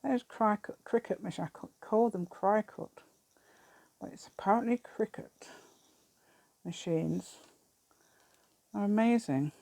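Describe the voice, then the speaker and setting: A woman's voice: medium pitch, slow, gravelly, pauses often, dark tone, dry recording. A British woman hosting a craft channel, chatting through a crafting demonstration and rambling to herself with giggly asides.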